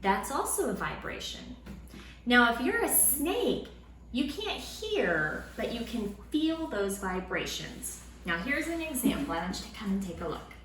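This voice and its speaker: A woman teaching a Sunday school lesson to children at home, in a lively, encouraging way. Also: on the high side, unhurried, slight background noise. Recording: roomy room sound with faint ambience.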